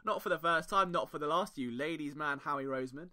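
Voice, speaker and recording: A man's voice: a little high, fast talker, bright, forceful tone. A young English man with an English accent, hosting a solo sports podcast in a playful, jokey, sing-song way. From England. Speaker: podcast host.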